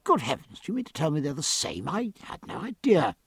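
An eager gentleman naturalist bursts with enthusiasm, as a male narrator voices him. The voice has a gravelly, husky grain and a slightly high pitch. It is recorded close, with no room sound. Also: wildly swooping pitch, dry recording, exaggerated voice. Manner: eager, quick.

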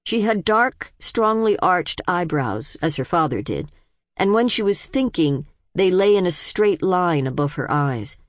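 Low-voiced woman reading a novel. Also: sing-song, measured pace, no echo, clean studio sound. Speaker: audiobook narrator. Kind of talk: scripted narration.

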